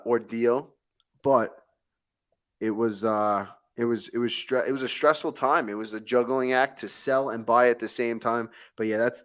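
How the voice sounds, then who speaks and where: A man, hosting a show and telling a story in lively, casual chat with many restarts. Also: mid-range voice. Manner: animated storyteller, mimics a friend with frequent restarts. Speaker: host, real estate agent.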